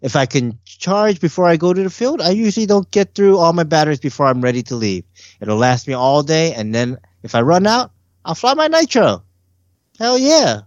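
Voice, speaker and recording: A man's voice: a little high, sing-song, moderate pace, no room sound, lo-fi sound. A man co-hosting a casual podcast, reading listener comments aloud and laughing often.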